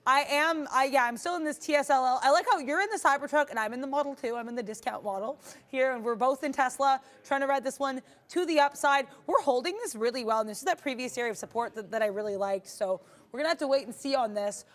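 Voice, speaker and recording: A woman's voice: high-pitched, fast. Upbeat, rambling woman trading host. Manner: upbeat, rambling, many fillers and restarts. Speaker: day-trading stream co-host. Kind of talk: live trading commentary.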